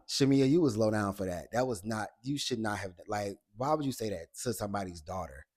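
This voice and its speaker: A man's voice: lowish voice, lively intonation, brisk, hardly any pauses, darkish tone. A man recapping a reality TV episode in a casual vlog. He is blunt and profane, talks straight to the cast, and retells scenes in a chatty, gossipy way.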